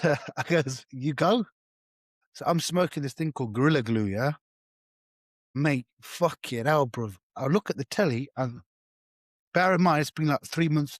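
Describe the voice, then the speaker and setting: Podcast co-host, mid-pitched voice, lively street-slang storyteller, dry close sound. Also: male voice, dry recording. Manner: slangy, animated storyteller, swears freely. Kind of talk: casual storytelling chat.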